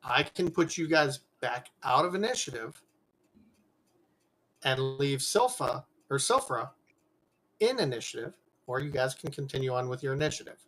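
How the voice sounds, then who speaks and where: A man's voice: medium pitch, expressive, normal speed, fairly bright tone, low-quality recording. Man explaining rules as game master. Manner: explains rules patiently and plainly. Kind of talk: running a tabletop game.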